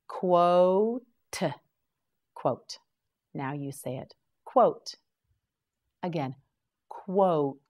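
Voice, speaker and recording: Female English teacher, low-ish voice, very slow and melodic, pronounces each word with care for beginners. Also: a little mellow. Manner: carefully enunciated, repeats each word for the listener. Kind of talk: slow vocabulary drill for beginners.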